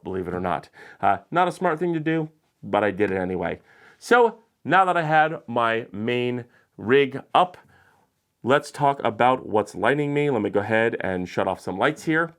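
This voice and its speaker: A man with a slightly low voice talks through his video studio setup piece by piece. He's chatty and plain-spoken, dropping frequent "uh"s as he explains each light and camera in a relaxed tour. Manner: chatty, lots of "uh" fillers, explains gear plainly. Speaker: YouTube creator showing his studio. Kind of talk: casual studio tour walkthrough.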